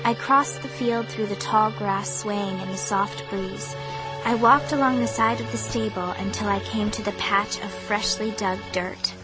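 Slow, suspenseful woman narrator. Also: mid-range voice, over music. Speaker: audiobook narrator. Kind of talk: first-person audiobook narration.

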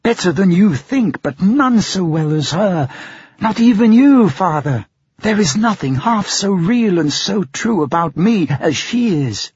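A man's voice: high-pitched, lively intonation, unhurried, breathy edge, no room sound, pitched above the performer's own voice, heavily acted. A man reading an audiobook, voicing a blind young woman who is loving and trusting, in a fervent, eager way. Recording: dull lo-fi sound.

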